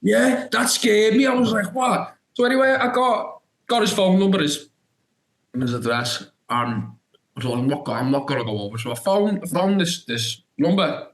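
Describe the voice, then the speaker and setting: Recorded in low quality, a young podcast guest tells a long, animated story, rambling through restarts and "da da da" filler and acting out his reactions. His voice sits high and sing-song, at a moderate pace.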